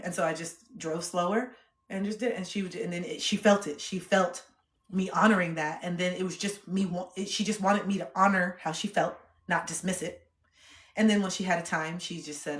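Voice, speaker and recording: A young woman streaming, chatting candidly and reflectively, swearing freely and getting animated when she retells things. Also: lowish voice, normal speed. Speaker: livestreamer. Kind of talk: candid casual livestream chat. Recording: roomy echo.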